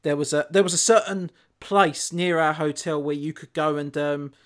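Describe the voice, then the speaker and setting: A man's voice: a little high, fairly even intonation, moderate pace. A man co-hosting a podcast, telling a story in a rambling way, full of fillers and restarts. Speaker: podcast co-host. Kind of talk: casual chat.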